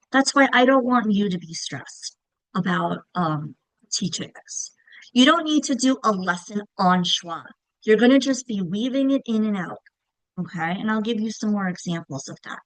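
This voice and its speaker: A woman's voice: medium pitch, lively intonation, moderate pace, no room sound, low-quality recording. A woman teaching reading instruction to teachers, patient and checking in often with "okay?" and "right?". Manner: demonstrates words by whispering, clapping and calling out. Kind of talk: teacher training lesson.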